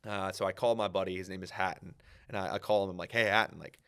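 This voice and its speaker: A young man, a guest on a talk show, telling a story in a casual, animated way. He fills his talk with "like", acts out his own thoughts and swears casually. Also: sits low, fast talker. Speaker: podcast guest.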